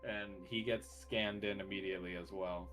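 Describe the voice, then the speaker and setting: A man running a tabletop roleplaying game as game master. He narrates in a relaxed way with filler words and laughs often. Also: low-pitched, normal speed, faint music behind.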